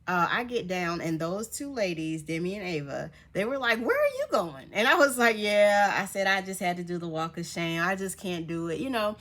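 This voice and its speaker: Speaking to her viewers in a fairly low-pitched voice, a young woman vlogger shares a personal story. Her delivery is casual and animated, with frequent laughter and impressions of what other people said.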